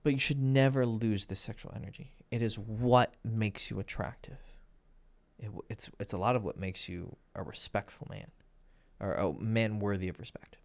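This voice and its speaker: A man's voice: lowish voice, fairly even intonation, normal speed, creaky. A man giving crude, blunt dating advice in a casual, lecturing monologue, full of profanity. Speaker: dating coach.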